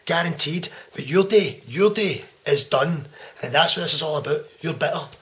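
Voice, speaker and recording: A Scottish man in his twenties cutting a profane, taunting wrestling promo that swings between loud jabs and hushed menace. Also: on the high side, animated, normal speed. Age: 20s. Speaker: pro wrestler. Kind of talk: trash-talk wrestling promo.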